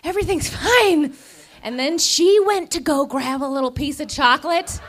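A woman telling a comedic story at a live show, animated and laughing through her lines. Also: sits high, normal speed.

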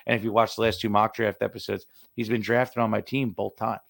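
A man co-hosting a casual sports podcast, excitable, jokey and rambling. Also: fairly low pitch, brisk, creaky, dry recording, studio quality. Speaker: podcast co-host.

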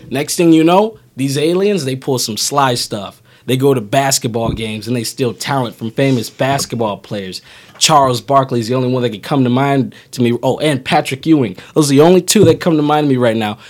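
On a casual podcast, a co-host playfully rambles his way through a movie plot, putting on voices as he goes. He speaks at a moderate pace in a medium-pitched, slightly mellow voice.

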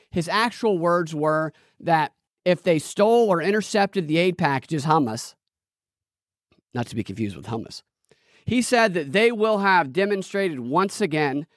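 A man's voice: a little high, no room sound, studio quality. A man hosting a political commentary podcast, talking in a sarcastic, rambling, joking way. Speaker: podcast host.

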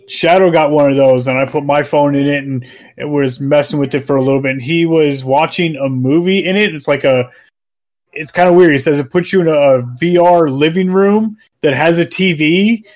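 Man, podcast co-host, a bit high-pitched, excitable, swears, acts out moments. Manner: excitable, profane, acts out scenes. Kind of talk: casual chat.

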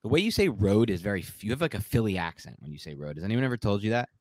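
A man co-hosts a sports podcast, talking in a casual, opinionated way with quick asides. His pitch swings widely as he gets going, and the sound is dry and close to the mic. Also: big pitch swings, a little mellow, no room sound. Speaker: podcast co-host breaking down football film.

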